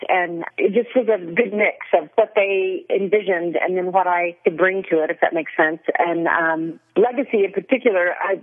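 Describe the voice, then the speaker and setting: A woman guest talking through an interview, chatty and quick to laugh, often restarting her sentences. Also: mid-range voice. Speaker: actress guest. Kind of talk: casual interview over a phone line. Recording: tinny phone line.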